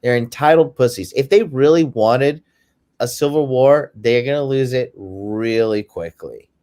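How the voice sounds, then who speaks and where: A man's voice: mid-range voice, measured pace. A man co-hosting a podcast in casual chat, telling stories in a crude, mocking way. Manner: crude, mocking, animated storytelling. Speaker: podcast co-host.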